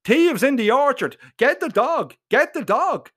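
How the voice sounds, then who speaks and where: A man voicing a hunched, angry old orchard owner who shouts harshly. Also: sits high, measured pace, smooth. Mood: angry shouting.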